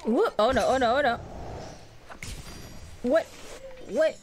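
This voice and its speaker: A woman's voice: high voice, takes it slowly. A young woman playing a video game, commenting with giggles, sarcasm and swearing. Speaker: gamer streamer. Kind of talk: let's play commentary.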